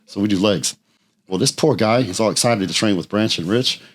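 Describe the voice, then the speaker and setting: A man, a podcast guest telling blunt, profane stories in casual chat. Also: fairly low pitch. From Texas. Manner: blunt, profane, fast anecdotes. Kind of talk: casual storytelling.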